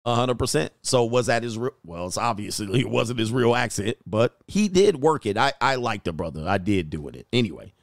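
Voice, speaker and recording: A man hosting a casual dating-talk livestream, joking and mocking as he reads out viewer comments, using slang and drawn-out emphasis. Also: medium pitch, expressive, no room sound, studio quality. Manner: joking and mocking, slips into playful impressions and laughs often. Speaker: dating coach and show host.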